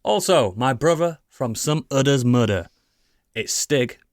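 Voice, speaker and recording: A man's voice: mid-range voice, animated, measured pace, no room sound, studio quality. A man hosting a casual podcast chat, teasing his co-hosts as he introduces them. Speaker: podcast host.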